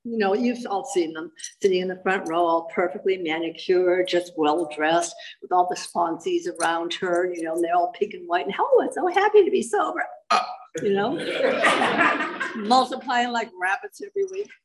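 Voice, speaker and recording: A woman's voice: fairly low pitch, normal speed, few pauses, rough recording. A woman from Massachusetts giving a personal testimony to a live audience, wry and self-mocking as she tells her story. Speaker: speaker sharing her recovery story.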